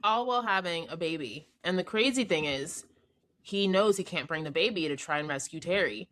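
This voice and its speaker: A woman's voice: on the low side, animated, a little fast, fairly bright tone. A woman co-hosting a podcast in a casual TV recap, finishing her partner's sentences and reacting with short, emphatic words. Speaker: podcast co-host.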